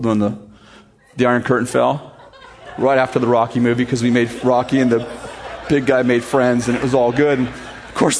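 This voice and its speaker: A man preaching a sermon, telling a story with animated, sarcastic humor before reading scripture. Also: medium pitch, a little hiss or hum. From United States. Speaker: pastor.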